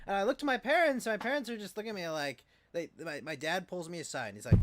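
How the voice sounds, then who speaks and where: A man casually telling a profane, rambling story on a livestream, with lively acted quotes and many fillers. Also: on the high side, rapid-fire. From California. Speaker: podcast co-host.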